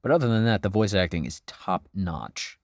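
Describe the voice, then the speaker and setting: A man's voice: sits low, expressive, moderate pace. A man narrating a scripted video game review with dry, sarcastic asides.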